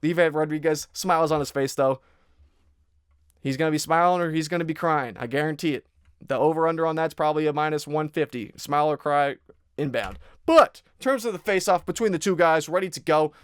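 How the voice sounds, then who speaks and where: A man's voice: on the high side, brisk, clear, resonant tone, dry recording, clean studio sound. A young man hosting a casual fight breakdown, blunt and profane, rambling with restarts as he talks picks. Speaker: MMA betting analyst host.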